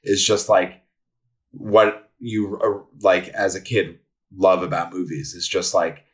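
A man's voice: low voice, little pitch movement, takes it slowly. A man, a podcast guest, talking about a film in a loose, rambling way full of fillers. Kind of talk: casual film review chat.

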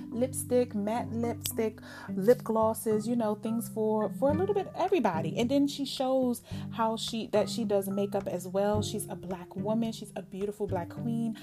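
A woman host, chatting casually and excitedly with lots of fillers. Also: on the high side. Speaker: podcast host. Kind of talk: casual chat.

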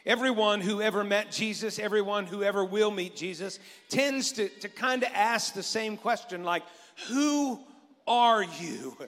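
High-voiced pastor in echoing hall. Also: male voice, fairly even intonation, normal speed, hardly any pauses, fairly bright tone. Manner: conversational, asks the congregation questions. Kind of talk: sermon with scripture reading. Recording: long reverb in a large hall.

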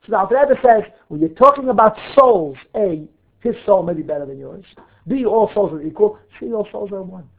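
A man's voice: high voice, lively intonation, brisk, gravelly. A man teaching a Torah class, reading Hebrew text and explaining it line by line with questions and answers. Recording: phone-like narrow audio.

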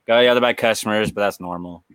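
A man's voice: on the low side, quick pace, a bit bright, clear, resonant tone, no echo. A man co-hosting a horror podcast, chatting casually with wry, profane jokes. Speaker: podcast co-host. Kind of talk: casual chat.

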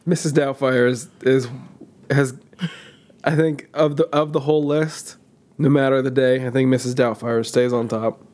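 Easygoing guy on a podcast, mid-pitch voice, chatting about movies he likes. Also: fairly even intonation, normal speed, a little mellow. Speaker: podcast co-host. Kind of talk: casual chat.

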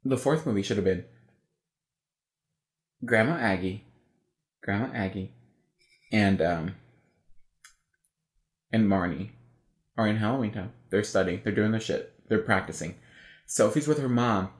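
A podcast co-host in casual chat, animated and profane, often acting out voices. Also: deep voice, a little slow, long pauses. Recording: echoey room.

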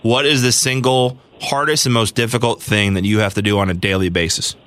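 Bright-voiced male podcast host. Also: fairly low pitch, steady tone, brisk, no room sound. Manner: friendly, rambling with fillers. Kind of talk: casual podcast chat.

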